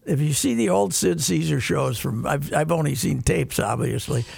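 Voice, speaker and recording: An older man reminiscing in casual talk, rambling with halting restarts. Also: fairly high pitch, animated, gravelly, a little mellow, husky, dry recording.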